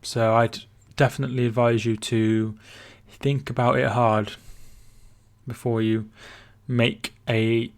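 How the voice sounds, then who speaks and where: A man's voice: mid-range voice, level tone, takes it slowly. A man with a Scottish accent hosting a casual football livestream, reading viewers' messages aloud and answering them. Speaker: football stream host.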